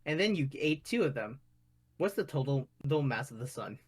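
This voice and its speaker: A man's voice: mid-range voice, sing-song, brisk, breathy edge. A teenage guy co-hosting a casual chat, joking and teasing while he reads out questions. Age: teens. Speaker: co-host asking questions.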